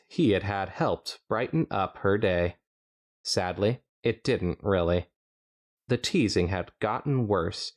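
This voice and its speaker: A man co-hosting a podcast, reading fanfiction aloud with playful, jokey asides. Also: low-pitched. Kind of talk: reading aloud with casual chat.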